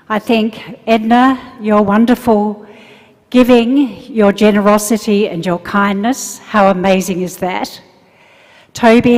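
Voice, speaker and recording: Older woman, Australian accent, formal measured speech, echoing hall. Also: mid-range voice, a little mellow. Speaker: state governor giving closing remarks. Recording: long echo of a hall.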